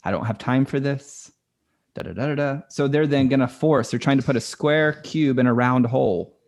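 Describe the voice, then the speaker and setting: A man with a voice of ordinary pitch speaks as a coaching guest on a podcast. His talk is casual and earnest, full of loose filler words. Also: moderate pace, a little mellow. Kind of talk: conversational podcast interview.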